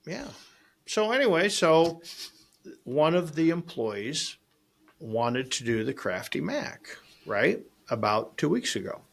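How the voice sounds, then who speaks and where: A man hosting a podcast, telling a long story in a casual, animated way and acting out both sides of the conversation. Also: fairly high pitch, slow, vocal fry. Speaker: podcast host and restaurant owner.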